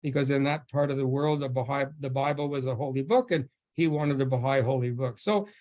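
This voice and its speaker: A man speaking as a guest at a faith forum, telling a story in a halting way with many restarts and frequent laughter. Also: mid-range voice, darkish tone. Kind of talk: storytelling talk.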